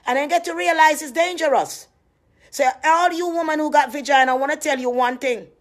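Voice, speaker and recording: A woman's voice: sits high, brisk. A woman with a Jamaican accent ranting to her viewers, indignant and rambling, swearing freely as she sells skin cream. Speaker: vlogger selling skin cream. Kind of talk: casual rant to camera.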